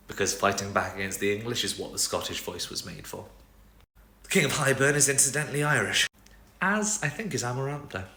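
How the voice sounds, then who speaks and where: A man's voice: sits low, a bit bright. A young man giving a wry, chatty comic explainer monologue. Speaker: video creator. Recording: roomy echo.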